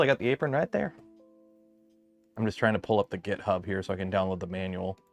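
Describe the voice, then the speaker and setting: A man hosting a casual livestream from his garage workshop, chatting loosely with lots of ums and restarts as he builds. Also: mid-range voice. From lives south of Detroit. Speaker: livestream host building a 3D printer.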